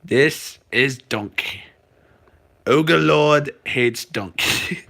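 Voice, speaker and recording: A man voicing a grumpy, mocking male ogre, slow and drawn out. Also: medium pitch, vocal fry, sharp tone, full character voice.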